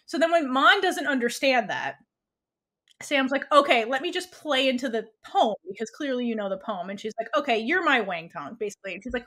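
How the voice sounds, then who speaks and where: A podcast co-host chats casually as she recaps a series scene by scene, acting out characters' lines and laughing often. Her voice is high and a bit bright, with lively intonation and a slightly fast pace.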